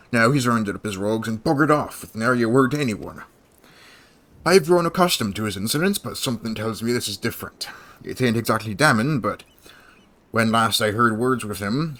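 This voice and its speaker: Casting: streamer playing a low-voiced grizzled elder, put-on old-world accent, game dialogue. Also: male voice, fairly bright tone, lightly acted. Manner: put-on old-fashioned accent, dramatic reading.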